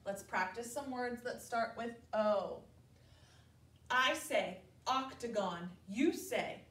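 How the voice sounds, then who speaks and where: Slow-speaking preschool teacher woman, echoey room. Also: mid-range voice. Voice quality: clear, exaggerated enunciation of sounds. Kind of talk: slow, deliberate classroom instruction to young children. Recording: echoey room, distant mic.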